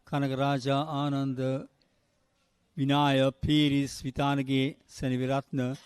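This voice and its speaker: A man's voice: mid-range voice, normal speed, a little mellow, no echo. Older Sri man, chatty cricket commentator. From Sri Lanka. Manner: chatty storyteller, drifts between anecdotes and play calls. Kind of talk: live cricket commentary with anecdotes.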